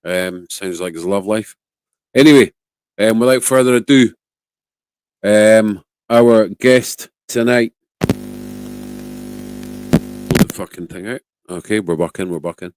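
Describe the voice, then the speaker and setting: Sweary host, low dry voice. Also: male voice, a little slow, long pauses, darkish tone, clear, resonant tone, dry recording. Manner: sweary, jokey banter. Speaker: host of a live online show. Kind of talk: casual live-stream chat.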